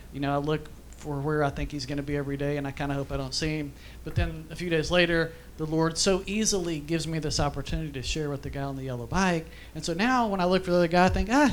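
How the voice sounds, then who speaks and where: A man giving an informal church teaching, telling stories in a chatty way with many asides. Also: a little high. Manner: storytelling, conversational with fillers and asides. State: briefly emotional, choked up.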